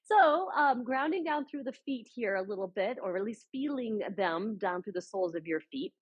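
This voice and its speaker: A woman leading a guided chair yoga class as an adaptive yoga instructor, giving gentle, encouraging cues with frequent fillers. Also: fairly high pitch, animated, normal speed, breathy edge, muffled recording.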